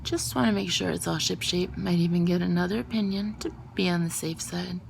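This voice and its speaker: A woman reading aloud, voicing a jovial, slightly testy businessman in a storybook reading, low and gravelly. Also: a little fast, slight background noise. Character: jovial older businessman boss.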